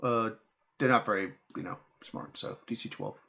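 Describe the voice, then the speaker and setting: A young man running a tabletop game as game master, narrating casually with many restarts and quick laughs. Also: lowish voice, vocal fry, pushed and bright.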